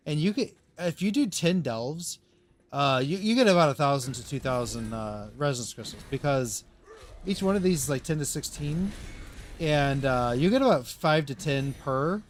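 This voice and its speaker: A man's voice: medium pitch, a little hiss or hum. A man streaming a game live, rambling through casual commentary to himself and his chat.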